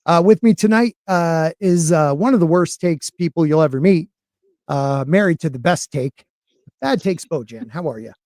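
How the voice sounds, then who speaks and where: A man's voice: on the high side, lively intonation, normal speed, a little mellow, no echo. A man from western Connecticut hosts a casual live-stream chat, rambling from one joke to the next. He teases himself as he goes. His voice sits dry and close to the mic. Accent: Connecticut, near New York. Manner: rambling, jokey, self-deprecating. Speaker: podcast host.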